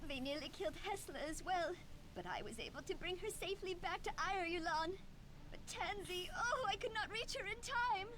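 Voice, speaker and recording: A woman's voice: very high-pitched, expressive, normal speed, a bit bright, a little hiss or hum. A woman voicing a wounded female dryad in a fantasy game, pleading in formal, old-fashioned speech. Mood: anxious. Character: wounded female dryad searching for her lost niece. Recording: game audio under background music.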